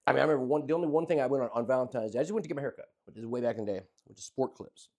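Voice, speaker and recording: A man co-hosting a casual podcast, telling a rambling, animated story and swearing freely. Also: medium pitch, racing. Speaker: podcast co-host. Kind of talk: casual chat.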